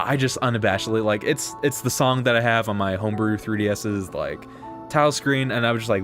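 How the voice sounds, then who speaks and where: A man's voice: on the low side, fairly bright tone. A man chatting casually while live-streaming a game, rambling with lots of fillers and playful slang. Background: game music.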